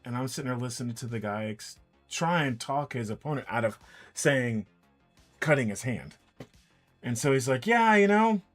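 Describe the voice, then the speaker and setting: A man in a relaxed stream chat tells a long story and quotes each person's lines as he goes. His voice sits at a middle pitch, and faint music plays behind him. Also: moderate pace, pauses often. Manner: animated anecdote, quoting others in dialogue. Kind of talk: casual storytelling while painting miniatures.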